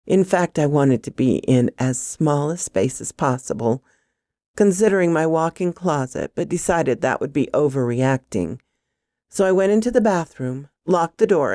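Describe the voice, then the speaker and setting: A woman reading a first-person horror story aloud in an expressive, dramatic way. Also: low-pitched, normal speed, no echo, clean studio sound.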